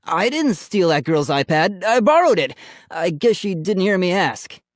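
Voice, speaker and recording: A man doing a loud, cheeky teenage boy. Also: high voice, sing-song, a little slow, no echo, studio quality, voice pushed up. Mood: excited. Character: greedy, cheeky teenage boy, brother and troublemaker. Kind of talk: audiobook character voice.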